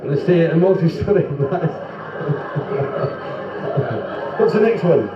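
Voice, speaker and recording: A Scottish man does live stand-up, firing off gags and dropping into comic voices between them. His voice sits a little high. The 1970s club recording is dull and roomy, heard from a distance. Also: lively intonation. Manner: quick joke-telling with comic voices and asides. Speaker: stand-up comedian and singer. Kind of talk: live stand-up comedy with jokes and song. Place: club function room before a live audience.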